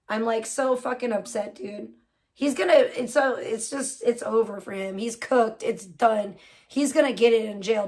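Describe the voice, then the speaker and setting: A woman hosting a casual livestream, chatting with viewers in a blunt, profane, heated way. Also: a little high. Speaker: livestream host. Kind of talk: casual live-stream chat with viewers.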